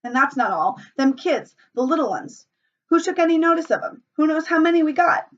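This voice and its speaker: Brief: a woman playing an anxious, bespectacled schoolboy, whiny and pleading, high and loud, muffled and distant on the recording. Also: moderate pace. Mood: indignant.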